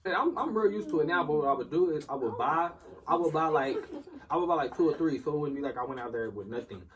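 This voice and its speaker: A young man casually telling a story to friends, animated and laughing as he goes. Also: fairly high pitch, fast, far from the mic.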